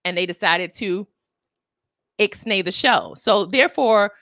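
A woman's voice: unhurried, fairly bright tone, dry recording. Brooklyn woman host, sassy sarcastic commentary, very dry close sound. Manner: sassy, sarcastic, emphatic with swings into high exclamations. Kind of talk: sassy scripted news commentary.

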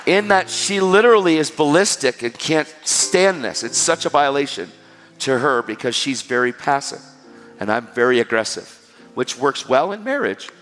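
Man, preacher, emphatic storytelling sermon, fairly high voice, long hall echo, soft music. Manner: animated, emphatic, exhortative. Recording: reverberant hall with music behind.

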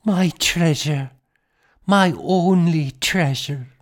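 Man putting on a frail mother, whispery, devout, slightly raised pitch, storybook. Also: very slow. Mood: tender.

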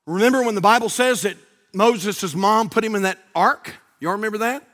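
High, bright preacher man. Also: moderate pace. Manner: dynamic, swings from shouting to near whisper. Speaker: pastor. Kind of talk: sermon. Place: church sanctuary.

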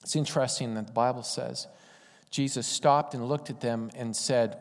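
A man's voice: mid-range voice, steady tone, normal speed. A man preaching a sermon in a conversational, folksy storytelling way. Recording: long hall reverb.

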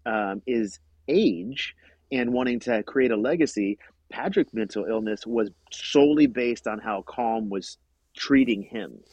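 A man's voice: medium pitch, measured pace, darkish tone, no room sound, muffled recording. A man co-hosting a casual film discussion, earnest and repeating words as he builds his point. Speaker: podcast co-host discussing a film. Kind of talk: casual chat.

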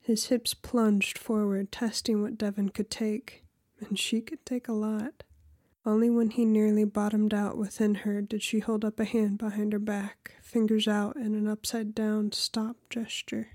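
A woman reading erotic fiction aloud in a soft, often half-whispered voice. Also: medium pitch, level tone, a little slow, no echo, studio quality. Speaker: audiobook narrator. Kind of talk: erotic audiobook narration.

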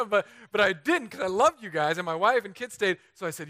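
A man from Southern California preaching a humorous storytelling sermon, animated and self-mocking, acting out the voices he quotes. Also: high-pitched, fairly quick, hardly any pauses, dry recording. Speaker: pastor.

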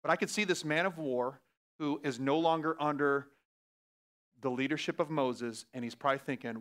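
A man preaching a sermon as pastor, talking in a casual, laughing way and swinging from hushed lines to loud outbursts. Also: fairly high pitch, normal speed.

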